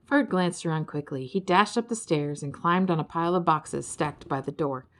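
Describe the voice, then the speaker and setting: A woman reading a children's storybook aloud in an expressive, dramatic storytelling manner. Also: deep voice, moderate pace. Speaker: storybook reader.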